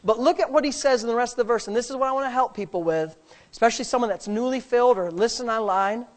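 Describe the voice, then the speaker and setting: A woman minister preaching and leading prayer in a church service, emphatic and fervent, breaking into speaking in tongues. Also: a little high. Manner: emphatic and fervent, with exclamations and repeated words; bursts into rapid speaking in tongues.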